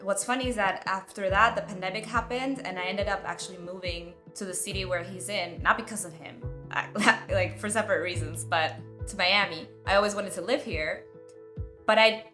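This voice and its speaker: Woman, mid-pitch, bright tone; candid storytelling host, casual and talky, soft music bed. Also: steady tone, normal speed. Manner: candid, chatty, heavy use of "like". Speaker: self-development video host.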